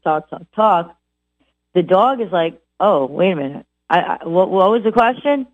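Woman dog trainer, low voice, dry phone-like sound, animated, mimics owners. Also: dry recording. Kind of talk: instructional talk. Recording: tinny phone-like audio.

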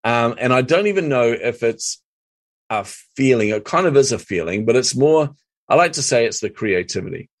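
A middle-aged man, a marketing coach, talking as an interview guest in an energetic, emphatic way, laughing often. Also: medium pitch, moderate pace, no room sound, clean studio sound. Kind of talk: casual interview chat.

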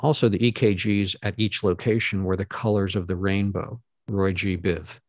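A middle-aged man speaks in a gravelly, fairly low voice, recorded close and dry. He tells his story earnestly to an audience, stopping and restarting as he goes. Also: steady tone, no echo. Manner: earnest, halting, with many fillers and restarts. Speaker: guest speaker.

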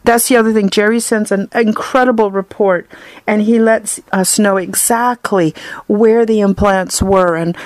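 A woman's voice: mid-range voice, dry recording. Earnest woman, dry close sound. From Canada. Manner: earnest, effusive and heartfelt. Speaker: client giving a testimonial. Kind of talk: personal spoken testimonial.

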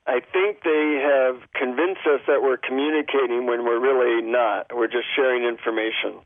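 A man with a gravelly voice explains his points calmly, often stopping to give an example. He is heard over a tinny, dry phone line. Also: mid-range voice, moderate pace, dry recording. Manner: calm, explanatory, gives spoken examples. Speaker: guest, relationship author.

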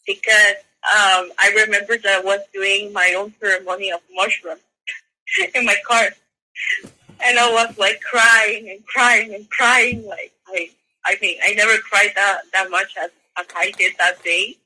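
A woman guest on a talk show, telling a personal story in a halting way, with many restarts and fillers. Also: mid-range voice, fairly even intonation, bright, forceful tone, rough recording. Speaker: interview guest. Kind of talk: casual spoken storytelling.

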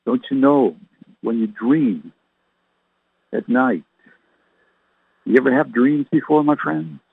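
A man's voice: mid-range voice, slow pace, gravelly, breathy edge. A man preaching as a reverend, firing rhetorical questions at his listeners and calling them his friends. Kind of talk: radio sermon. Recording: tinny phone-like radio sound, dry.

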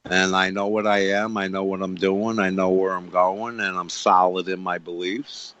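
On a radio show, a man with a low voice, level tone, and normal speed gives a preachy spiritual talk about faith, emphatic, repetitive, and full of rhetorical questions. His tone is fairly bright, though the recording has a dull lo-fi radio sound.

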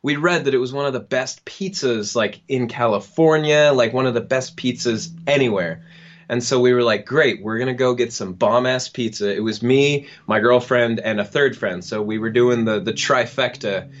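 A young man telling a funny personal story on a podcast, acting out the people in it and laughing now and then. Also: medium pitch. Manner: animated, acts out the people in his story with quick laughs. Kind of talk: casual storytelling. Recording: dull lo-fi sound.

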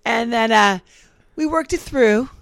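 A woman's voice: fairly high pitch, unhurried, dry recording. A woman co-hosting a casual chat, telling a story and acting out quotes in shifting voices.

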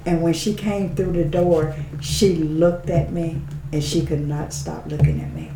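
An interview show guest tells her heartfelt personal story in a low voice at a measured pace. Animated and quick to laugh, she hushes her tone when quoting others. The background is noisy and the room echoey.

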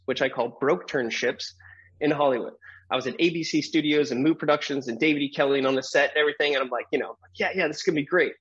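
A middle-aged man, a guest on an interview show, telling a personal story in a lively way, acting out the voices of people in it and laughing often. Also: fairly high pitch, slightly rough, dull audio.

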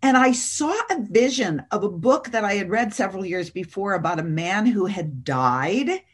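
A middle-aged woman, a guest on an interview show, telling an animated, dramatic story and often laughing. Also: medium pitch, moderate pace, breathy edge. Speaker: guest, author and seminar teacher.

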